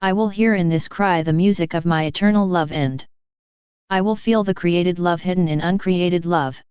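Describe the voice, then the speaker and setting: Casting: a woman voicing a tender, solemn divine man, low and silky-clear, in a dull, dry lo-fi recording. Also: moderate pace, no room sound, lightly acted. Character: gentle sorrowful male divine speaker, man.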